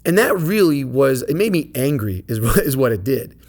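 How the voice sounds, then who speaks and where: A man's voice: medium pitch, moderate pace. Man telling a personal story. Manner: casual, animated, laughs while telling. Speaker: podcast host.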